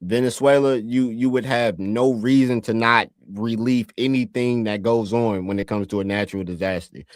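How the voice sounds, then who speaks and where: A man's voice: mid-range voice, fairly even intonation, normal speed, dry recording, clean studio sound. A man from the United States in casual podcast chat, talking emphatically with lots of swearing and stumbling over repeated words. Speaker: podcast co-host.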